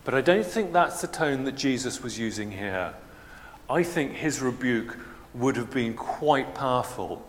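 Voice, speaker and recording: Man preaching, slow and measured, explanatory, long church reverb. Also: medium pitch, lively intonation, slight background noise. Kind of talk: sermon.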